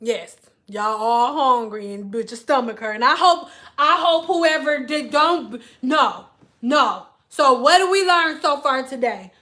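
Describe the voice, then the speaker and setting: On a laid-back livestream, a woman who does hair recounts stories with animated, foul-mouthed bluntness. The pace runs slightly slow, and her pitch sits high with a sharp, bright edge.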